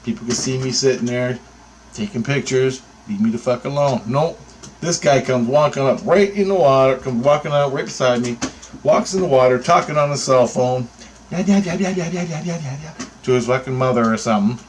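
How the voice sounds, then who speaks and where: A man's voice: medium pitch, fairly quick, slight background noise, rough recording. A man telling an angry, profanity-laced story about his bird photography, talking in a heated, sarcastic way. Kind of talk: angry ranting anecdote.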